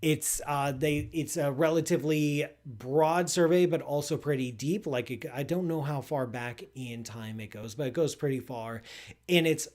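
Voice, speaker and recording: Speaking at normal speed in a slightly high, darkish voice, this man hosts a live call-in space show as an astrophysicist. The live-stream chat is casual and loose, peppered with "like" and restarts, while he playfully and enthusiastically samples food.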